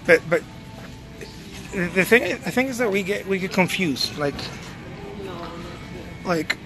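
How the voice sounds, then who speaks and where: High-voiced laid-back painter rambling. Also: male voice, expressive, slow pace, over music. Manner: rambling and laid-back, swears, calls viewers man and dude. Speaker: painter and art studio owner. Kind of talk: casual live video chat. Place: grocery store.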